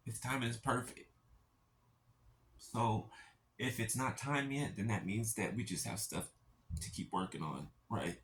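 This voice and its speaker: A soft-spoken man with a somewhat low voice talks straight to his listeners in a heartfelt spiritual encouragement talk. He speaks in halting, gentle phrases and keeps checking in with a quiet "right?" as he reassures them. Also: slight background noise. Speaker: spiritual speaker addressing viewers.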